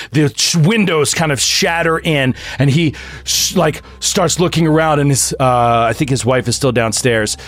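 Man narrating a horror game. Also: a little high. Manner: vivid storytelling with fillers and restarts, bursts into loud sound effects. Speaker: game master. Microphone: video call.

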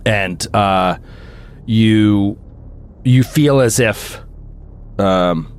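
A man's voice: lowish voice, extremely slow, smooth. A man running a horror tabletop game as game master over a video call, telling the scene vividly with fillers and restarts. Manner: vivid storytelling with fillers and restarts, bursts into loud sound effects.

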